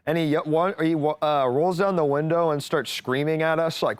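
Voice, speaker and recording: A man's voice: a little high, fairly quick, few pauses, clean tone, dry recording. A man hosting a live call-in show, talking casually and rambling with jokes and swearing. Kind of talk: casual live stream chat. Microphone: studio mic.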